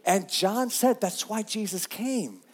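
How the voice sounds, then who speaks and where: A man's voice: sits high, takes it slowly, slightly rough, big-room sound. A man preaching a sermon, earnest and repeating himself, reading scripture aloud. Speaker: pastor.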